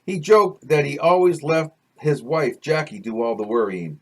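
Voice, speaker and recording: A man's voice: a little high, moderate pace. A man from Canada reading his own novel aloud, chatting casually between passages and restarting sentences as he goes. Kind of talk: chatty book reading with asides.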